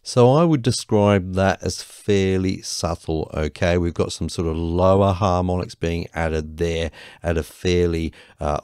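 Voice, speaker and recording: A man with a very low, deep voice talks through an audio production lesson, patient and reassuring, pausing to check in with the viewer. The sound is dry and close, with no room echo at all. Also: darkish tone. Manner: patient, reassuring, explains step by step with frequent "okay?". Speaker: music production tutor. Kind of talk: tutorial explanation.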